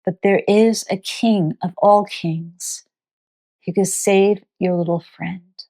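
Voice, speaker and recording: A woman's voice: medium pitch, fairly even intonation, slow pace, dark tone. A woman quoting a solemn wise king. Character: gentle earthly king, a wise man.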